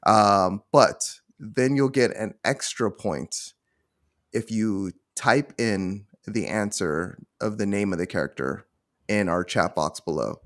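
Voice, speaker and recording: A man's voice: lowish voice, takes it slowly. A man hosting a casual gaming podcast, explaining game rules step by step and checking in with his co-hosts. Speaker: podcast host.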